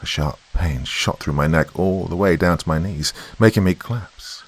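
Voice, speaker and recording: A man narrates a horror tale in a slow, brooding way. His voice is extremely deep and gravelly, with a husky texture.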